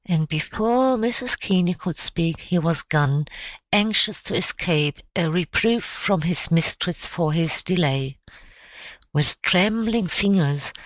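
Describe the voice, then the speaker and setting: Woman, audiobook reader, slow measured delivery, fairly low voice, dry close sound. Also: dry recording, low-quality recording. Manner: measured, expressive. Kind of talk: audiobook narration.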